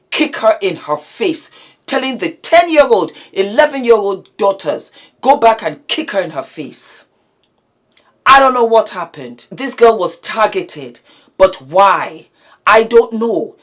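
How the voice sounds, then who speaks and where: Impassioned woman vlogger, emphatic and indignant. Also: medium pitch. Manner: emphatic, indignant, repeats phrases for force. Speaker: vlogger commenting on news. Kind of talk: impassioned commentary to camera.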